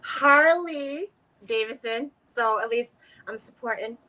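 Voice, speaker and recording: A woman with a Boston accent chats casually as a guest on a live reading stream. She laughs a lot and tells her stories with lively energy. Her voice sits a little high. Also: slow, no echo, poor audio. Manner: laughing, animated storytelling. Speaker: psychic guest. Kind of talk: casual chat.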